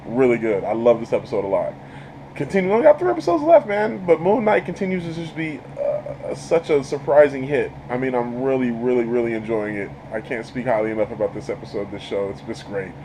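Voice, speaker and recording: A man's voice: mid-range voice, lively intonation, fairly quick, mellow, a little hiss or hum, rough recording. A man giving a casual, enthusiastic spoken review of a TV episode, rambling and laughing often. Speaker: YouTube show reviewer.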